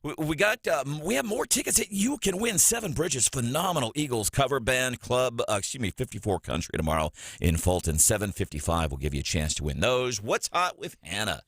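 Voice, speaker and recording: Male radio host, chatty and expressive, lively pitch, dry close sound. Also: a little fast, hardly any pauses, slightly rough, dry recording. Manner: chatty, animated, laughs often. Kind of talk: morning radio talk. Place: radio studio.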